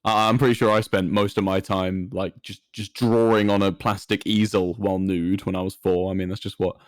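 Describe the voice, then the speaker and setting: A man on a livestream reading confessions aloud and judging them bluntly, with a deadpan delivery. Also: sits low, fairly quick, dry recording, studio quality. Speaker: guest co-streamer.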